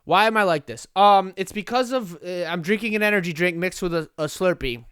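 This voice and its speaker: A man hosting a podcast in a casual, rambling monologue, excitable, goofy and self-deprecating. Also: high-pitched, fairly quick, smooth, dry recording, studio quality. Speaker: podcast host.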